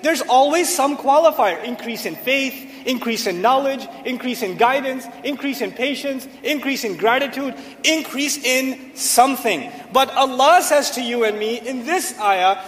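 A man with a strikingly high voice delivers an emphatic sermon, repeating key phrases to drive them home. His words ring out with a long reverb, as in a large hall. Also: moderate pace, fairly bright tone. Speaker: Islamic preacher. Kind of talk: sermon explaining Quranic Arabic. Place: hall with a seated audience.

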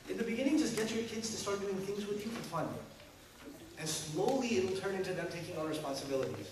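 A man preaching to a congregation in an animated way, acting out quotes and laughing. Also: high voice, fast. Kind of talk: sermon to a congregation. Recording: echoey hall, distant mic, background hum.

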